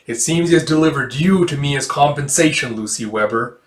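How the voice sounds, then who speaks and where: A man's voice: mid-range voice, reverberant, natural voice. A man voicing an imperious giant demon lord. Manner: slow, imperious.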